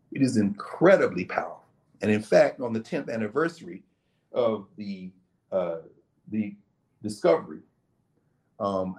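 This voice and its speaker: A man, a guest, explaining in a casual way and telling it like a story, now and then acting out what people said. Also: mid-range voice. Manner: animated, storytelling, acts out quotes.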